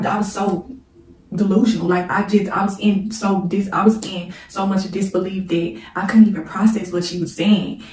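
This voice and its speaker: A woman speaks in a mellow, warm voice, halting and close to tears as she tells a painful personal story. She repeats herself and pauses now and then to pray. The mic sits some way from her in a roomy, echoey space. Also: medium pitch. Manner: halting, repeats "like", prays between passages. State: holding back tears. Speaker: storyteller vlogger. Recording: roomy, echoey room mic set at a distance.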